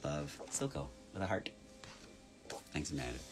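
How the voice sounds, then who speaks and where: A man's voice: a bass voice, very animated, normal speed, gravelly, music in the background. A man chatting casually on a live stream, reading out fans' names, spelling them, and signing orders in a playful way.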